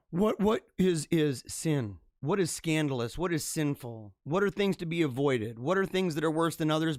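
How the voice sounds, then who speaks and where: Man, live-stream host, impassioned sermon-like monologue, higher voice, dry sound. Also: no room sound. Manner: fervent, preachy, swings from hushed to loud. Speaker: host of a live religious show.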